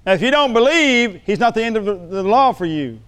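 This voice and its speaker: A man preaching in a church with a high, smooth, resonant voice. He jokes with the congregation, then rises to emphatic, ringing declarations. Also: lively intonation, fairly quick, fairly bright tone. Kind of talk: sermon.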